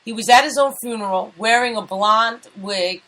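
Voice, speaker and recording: A woman's voice: on the high side, moderate pace, bright, forceful tone, low-quality recording. A woman co-hosting a casual talk show, chatting in a teasing way. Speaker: co-host.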